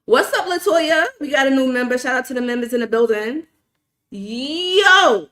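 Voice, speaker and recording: Animated, profane New York woman storyteller. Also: sits high, fast talker. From New York City. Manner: animated, profane, emphatic, talks to chat. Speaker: livestream host. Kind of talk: casual livestream storytelling.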